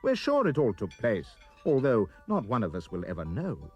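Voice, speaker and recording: A man reading a rhyming children's poem aloud with expressive, sing-song delivery. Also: lowish voice, moderate pace, muffled recording, soft background music. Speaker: reader.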